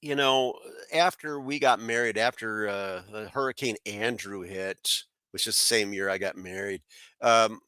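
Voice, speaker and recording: Man, middle-aged, from South Florida, rambling storyteller, lowish bright voice, dry close sound. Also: unhurried, clear, resonant tone, no echo. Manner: rambling, many fillers and restarts. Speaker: guest. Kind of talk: casual storytelling.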